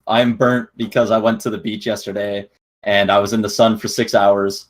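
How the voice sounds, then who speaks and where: Husky-voiced man, joking podcast co-host. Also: on the low side, level tone, moderate pace. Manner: upbeat, joking, laughs easily. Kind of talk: casual podcast chat.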